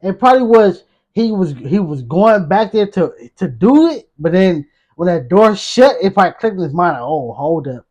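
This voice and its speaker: A man hosting a reaction video, talking back to the clip in animated, slangy casual commentary. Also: sits high, normal speed.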